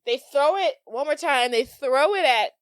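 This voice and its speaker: On a podcast, a woman co-host recaps a movie scene by scene in casual chat, acting out the characters' lines. Her voice sits high with lively intonation and a moderate pace, and there's no echo.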